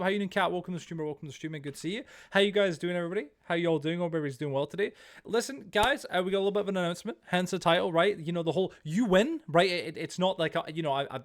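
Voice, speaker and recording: A young man chatting casually on a live stream, greeting chat and rambling with many restarts. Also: fairly high pitch.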